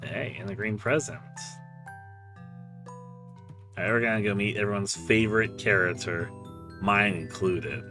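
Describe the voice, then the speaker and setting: Quiet, low-voiced man commenting on a game. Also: fairly even intonation, measured pace, pauses often, music in the background. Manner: low, quiet, offhand asides. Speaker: game developer streaming.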